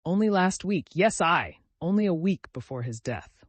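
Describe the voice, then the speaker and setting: A man's voice: high voice, lively intonation, normal speed, dry recording, voice pushed up. A man voicing a timid, devout young woman who speaks in an earnest, pleading, distressed way.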